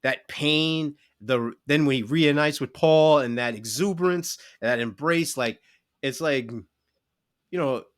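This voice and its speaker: A man co-hosting a podcast, talking in a relaxed, thoughtful way with many fillers. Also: on the high side, unhurried, clean tone. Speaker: podcast co-host. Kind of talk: casual podcast chat.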